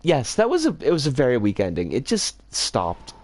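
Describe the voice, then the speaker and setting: A woman's voice: extremely low pitch, wildly swooping pitch, normal speed, darkish tone. A woman streaming a game, chatting in a rambling, casual way and breaking into frustrated outbursts. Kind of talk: casual live-stream commentary while playing.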